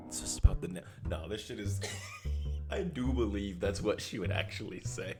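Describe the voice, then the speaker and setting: A man gives deadpan, sarcastic comedic commentary in a very deep voice. He sometimes drops into mock-dramatic whispers. Background music plays under him. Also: moderate pace. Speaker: comedy vlogger.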